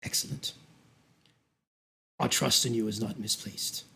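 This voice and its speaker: Ein Mann spielt einen bedrohlich schnurrenden Herzog. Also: male voice, fairly low pitch, fairly even intonation, gravelly, pitched below the performer's own voice, exaggerated voice. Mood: coolly menacing. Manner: soft, slow, menacing purr. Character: sinister old male duke, cruel and toying.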